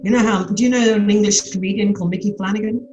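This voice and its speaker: Talking fast with fairly even intonation, a medium-pitched older woman from Australia is a podcast guest in a casual interview. The actress is frank and cheeky, restarting often, and her Australian-accented voice comes through dull audio over music.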